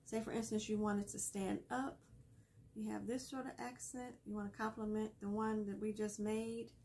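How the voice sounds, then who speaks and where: A woman's voice: mid-range voice, flat delivery, normal speed, darkish tone, a little hiss or hum. A woman hosting a casual craft tutorial, chatty and laughing often as she explains each step while she works. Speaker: craft video host.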